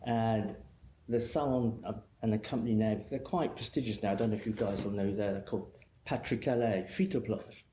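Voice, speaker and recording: A man's voice: on the low side, normal speed, warm tone. A middle-aged man from England, a guest hairdresser telling long rambling anecdotes in casual chat. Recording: echoey room with faint noise.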